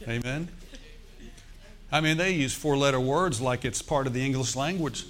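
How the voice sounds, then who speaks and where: Pastor, man, storytelling sermon voice, climbs into emphatic preaching, middle pitch. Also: a little slow, a bit bright.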